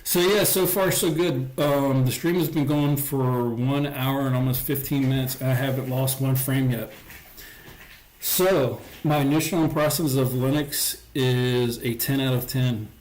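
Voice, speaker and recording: A man chats loosely to his livestream viewers, wandering through his thoughts with plenty of "like" and "um". His voice sits at an ordinary middle pitch. The sound carries a noticeable roomy echo from his home setup. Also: steady tone, a little slow, darkish tone. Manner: rambling, lots of "like" and "um". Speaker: livestream host. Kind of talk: casual livestream chat.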